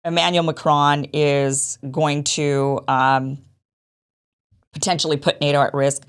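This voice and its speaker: A woman's voice: low voice, little pitch movement, slow pace, clean tone. A woman hosting a show, giving casual political commentary in a chatty, dismissive way and repeating her points. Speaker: show host.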